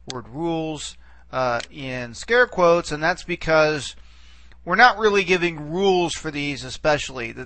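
A man's voice: on the high side, pushed and bright. A man teaching a recorded lesson, explaining patiently and checking in often with "okay". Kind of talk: recorded lecture.

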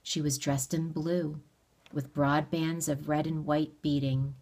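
A woman reading a novel aloud in a steady, measured storytelling manner. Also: sits low. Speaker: audiobook reader. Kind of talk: read-aloud narration of a novel.

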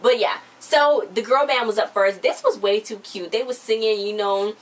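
A woman's voice: medium pitch, moderate pace, low-quality recording. A young woman in her late teens, chatting casually as she recaps a TV episode, full of slang and fillers. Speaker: TV recap vlogger. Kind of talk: casual chat.

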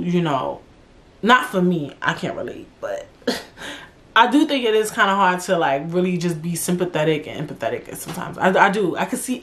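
Woman, solo podcast host, blunt, swears freely, casual rant. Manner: blunt, profane, animated with big pitch jumps.

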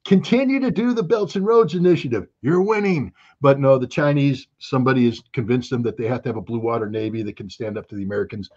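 A man's voice: fairly high pitch, brisk, a little mellow, husky, lo-fi sound. A man as an interview guest, talking in an emphatic, sarcastic way with mocking asides. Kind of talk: animated conversational commentary.

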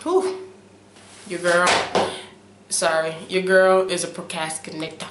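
A young woman in a casual talk-to-camera vlog, animated and preachy, who keeps checking in with "okay?" and swings between loud emphasis and soft asides. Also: on the low side, slow pace, reverberant, heavy background noise. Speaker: vlogger. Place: room at home, late at night.

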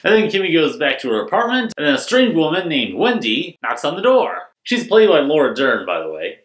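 A man's voice: on the high side, huge pitch swings, a bit bright. Wry man recapping, roomy echo. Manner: wry, sarcastic asides with quick impressions of characters. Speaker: vlogger reviewing a TV episode. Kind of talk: casual episode recap.

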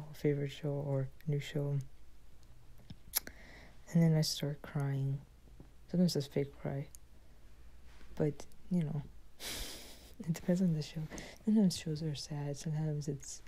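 A woman's voice: sits low, fairly even intonation, measured pace, dark tone, a little hiss or hum, poor audio. A young woman chatting casually as a vlogger, often dropping into a whisper. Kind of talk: casual chat.

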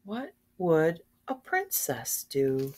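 An older woman reading a children's storybook aloud, gently asking her young listeners questions. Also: sits low, huge pitch swings, extremely slow. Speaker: storybook reader.

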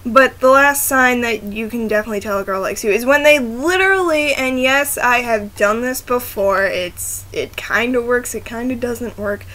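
Giggly woman rambling into her laptop mic, high bright voice, keeps tripping over her words. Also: moderate pace, few pauses. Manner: giggly, rambling, often restarting and apologizing. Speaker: vlogger. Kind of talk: casual chat to camera. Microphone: laptop camera microphone.

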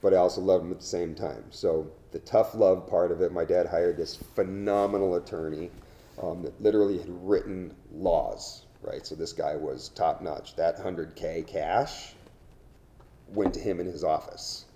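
A middle-aged man, an interview guest, telling his story candidly in a halting way, restarting his sentences often. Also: low-pitched, fairly even intonation, warm tone.

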